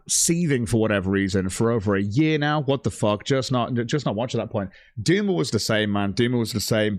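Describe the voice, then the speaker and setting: A man's voice: fairly low pitch, dry recording, studio quality. A man ranting on a livestream, blunt and heavily profane, reading out chat messages. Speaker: streamer.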